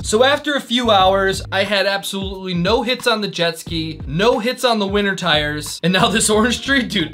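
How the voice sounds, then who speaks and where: A man with a rather high voice tells a comic story in a dry, deadpan way. He keeps it playful and now and then jumps into exaggerated voices for the people he quotes. Faint music runs underneath. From Northeastern US. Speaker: comedic prank video host. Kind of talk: comedic storytelling monologue.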